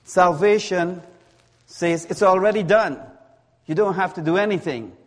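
A man preaching a sermon in a slow, deliberate way, leaning on words through repetition. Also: high voice. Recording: long hall reverb.

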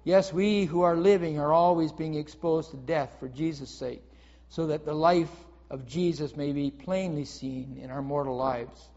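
Man, preacher, earnest sermon, repeats phrases, somewhat high voice, dull lo-fi sound. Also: fairly even intonation, moderate pace, a little mellow. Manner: earnest, reads scripture aloud then expounds, repeats phrases. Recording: dull audio with long hall reverb.

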